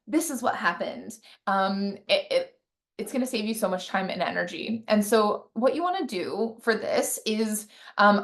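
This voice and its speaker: Woman coach talking relationships, loose and chatty, lots of ums and right?s, mid pitch. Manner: conversational, many fillers and tag questions. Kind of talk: casual teaching to camera.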